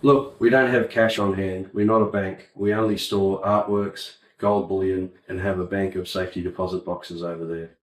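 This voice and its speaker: A man voicing a flustered male vault manager in an audiobook, defensive and hurried. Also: deep voice, steady tone, lightly acted. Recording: roomy, distant mic.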